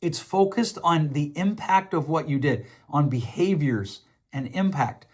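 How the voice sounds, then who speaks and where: Earnest relationship advice comes from a middle-aged man hosting a podcast, his voice on the high side, darkish and breathy, with lively intonation and an unhurried pace. It's a reflective monologue full of restarts and repetition.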